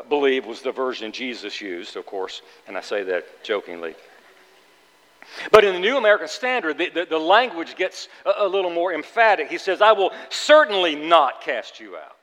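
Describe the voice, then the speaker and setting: Emphatic preacher in a reverberant hall. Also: male voice, mid-range voice, a bit bright. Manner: earnest, emphatic preaching with repeated phrases. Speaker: pastor. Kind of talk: sermon.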